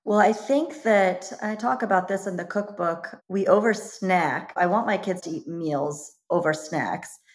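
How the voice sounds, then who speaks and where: A woman with a somewhat low voice, a cookbook author guesting on a casual interview. She speaks earnestly and thoughtfully, pausing and restarting now and then.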